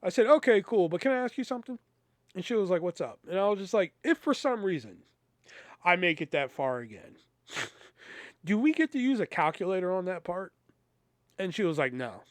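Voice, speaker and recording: A man's voice: high voice, very animated, moderate pace, long pauses, no room sound, studio quality. A man hosting a podcast, telling a casual, profanity-laced story and acting out both sides of the conversations. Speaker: podcast host.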